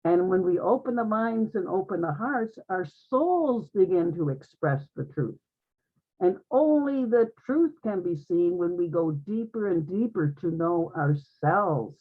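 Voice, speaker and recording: A woman serving as a guest speaker in an online group gives an earnest, uplifting spiritual talk, often repeating phrases. Her voice is husky, lowish and expressive, and she speaks a little slowly. The line sounds tinny, like a phone.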